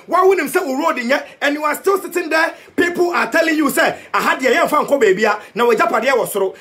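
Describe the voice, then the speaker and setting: A Ghanaian-accented man preaching a passionate political rant to the camera. His voice sits very high for a man and swoops up and down as he repeats himself for emphasis. He mixes Twi and English as he rails on. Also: a bit bright. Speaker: youth activist vlogger.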